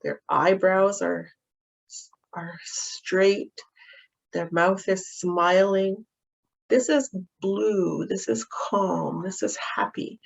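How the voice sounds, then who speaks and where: A woman practitioner gently and patiently walking parents through a calming activity for children, with frequent ums. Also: mid-range voice, very slow, creaky, husky. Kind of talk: instructional walkthrough of a calming activity. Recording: dull, muffled audio.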